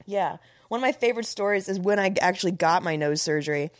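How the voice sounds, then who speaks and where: A woman's voice: lowish voice, quick pace, no room sound, clean studio sound. A woman in her thirties, a stand-up comedian guesting on a podcast, telling candid stories in casual chat with lots of "like". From Florida, US. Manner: candid, storytelling, frequent "like".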